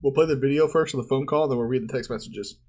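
A man's voice: mid-range voice, fast talker, a little mellow, husky. A male podcast host talking casually, telling rambling stories in slang and laughing often. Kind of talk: casual chat.

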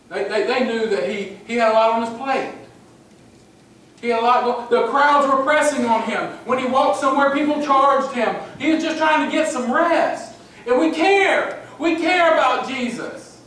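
In a church sanctuary, a male pastor preaches a sermon in a very high, fairly bright voice at normal speed. He is emphatic and repetitive, often calling out "amen?" to the congregation. The recording is echoey and distant, with faint noise.

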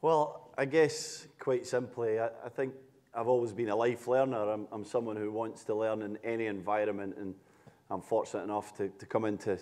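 Homem inglês falando num salão com eco. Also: male voice, fairly low pitch, fairly even intonation, moderate pace, darkish tone. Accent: English. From England. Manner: reflective, with small restarts. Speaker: former professional soccer player, guest speaker. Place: large hall on stage. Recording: reverberant hall.

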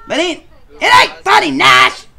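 A performer voicing a crude, rowdy male bachelor contestant, who tells profane stories and bursts into shouts. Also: medium pitch, sing-song, moderate pace. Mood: rambling. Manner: profane storytelling with sudden shouted outbursts. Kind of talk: comic machinima voice acting.

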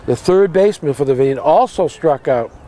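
A man's voice: on the high side, lively intonation, moderate pace, warm tone. A man doing play-by-play baseball commentary outdoors, matter-of-fact as he describes each play. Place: outdoors at a ballpark.

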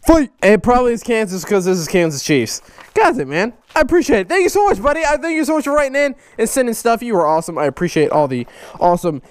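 A man in his twenties opening fan mail on his vlog, loud, hyper and goofy, jumping between high yelps and low growls. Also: clear, resonant tone, dry recording. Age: 20s. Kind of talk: casual vlog chat.

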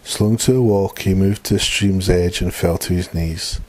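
A man reading a dark short story aloud in a plain, steady way. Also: deep voice, normal speed. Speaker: narrator.

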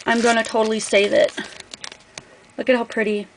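A woman's voice: a little high, little pitch movement, moderate pace, slight background noise, poor audio. A woman craft vlogger opening a gift package on camera, gushing over each item in a casual, effusive way. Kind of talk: casual unboxing vlog.

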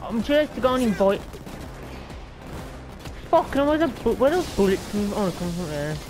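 A woman's voice: mid-range voice, very animated, normal speed, music in the background. Sweary Australian woman streaming a game. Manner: profane, rambling, slangy banter. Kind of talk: casual gameplay commentary.

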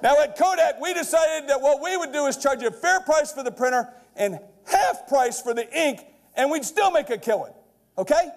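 A middle-aged man giving a brash, punchy keynote to a live audience, building to loud shouted punchlines and checking in with "okay?". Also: very high-pitched, lively intonation, moderate pace. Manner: keeps checking in with the crowd with "okay?". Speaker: keynote speaker. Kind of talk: energetic stage keynote. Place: large lecture hall before a live audience.

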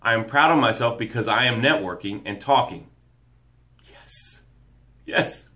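A man hosting a live motivational show, energetic, greeting viewers by name and reading their comments aloud. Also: measured pace. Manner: drops soft and low to read quotes and breathing cues. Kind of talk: live-stream motivational talk.

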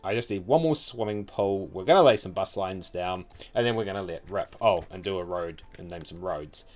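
A low-pitched New Zealand man talks himself through a city-building game in a wry, offhand mutter. Soft music hums faintly underneath, along with the clack of his keyboard. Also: moderate pace. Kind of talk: casual gameplay commentary.

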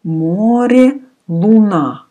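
A woman with a Russian accent teaching a language lesson, pronouncing each word slowly and repeating it several times. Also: medium pitch, animated, warm tone.

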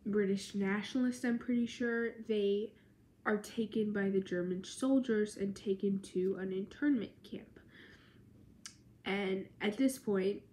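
Tired young woman, slow chatty history talk. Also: mid-range voice, darkish tone, slight background noise. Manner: chatty, lots of "like" and "um" fillers. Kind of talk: casual history explainer.

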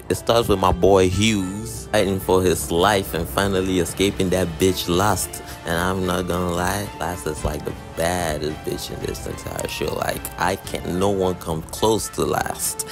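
A man's voice: low-pitched, a little slow, few pauses, music in the background. A man giving casual comedic anime commentary, profane, slangy and joking.

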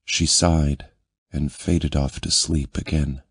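A man narrating a romance audiobook in a measured, intimate reading. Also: very deep voice, flat delivery, husky, no echo.

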